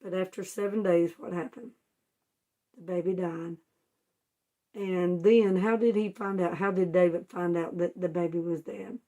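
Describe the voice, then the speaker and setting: A woman's voice: on the low side, fairly even intonation, a little slow, warm tone. A woman teaching children a Bible story in homespun, informal words, asking them questions and answering them herself. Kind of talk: storytelling Bible lesson for kids.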